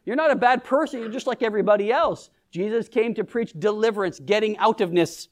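A pastor with a notably high voice delivers a casual, conversational sermon. He keeps turning to the congregation with questions and light jokes, as if chatting with them. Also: fairly quick. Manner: engages the congregation with questions and humor.

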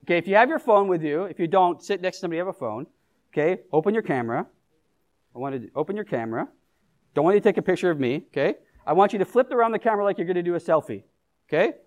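A pastor with a notably high voice delivers a casual, conversational sermon. He keeps turning to the congregation with questions and light jokes, as if chatting with them. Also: expressive, very fast. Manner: engages the congregation with questions and humor.

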